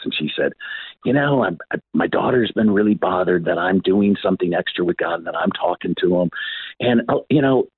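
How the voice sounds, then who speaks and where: A man's voice: lowish voice, breathy edge, dry recording. An older man guest, telling stories in an interview and acting out the voices of the people in them. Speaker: author and guest. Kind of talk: animated storytelling in an interview. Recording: tinny phone-like line.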